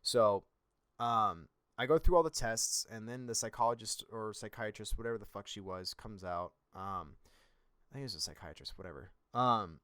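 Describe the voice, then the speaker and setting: A man's voice: on the low side, normal speed, pushed and bright, clean tone, dry recording. A young man hosting a podcast, telling a personal story in a blunt, rambling and profane way. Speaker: podcast host.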